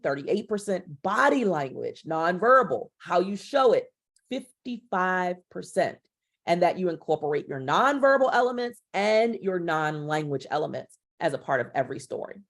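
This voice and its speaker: A woman in midlife lectures on public speaking with expressive control. She drops low and slow, then lifts into a brighter, quicker delivery to show the contrast. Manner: dynamic, shifts volume and pace to demonstrate. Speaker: speaker trainer.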